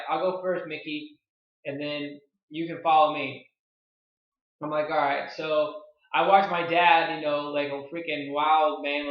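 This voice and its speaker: Excitable young man telling a story. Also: fairly high pitch. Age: 20s. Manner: excitable, filler-heavy, lots of "like". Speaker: online marketing vlogger. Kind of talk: casual storytelling to camera. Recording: roomy, dull lo-fi sound.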